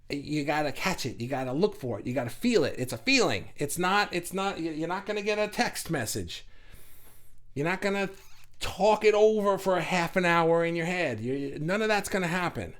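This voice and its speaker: A man's voice: fairly high pitch, animated, moderate pace. A man hosting a casual spiritual livestream, answering viewers' chat in a reflective, thinking-aloud way. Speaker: host answering live chat.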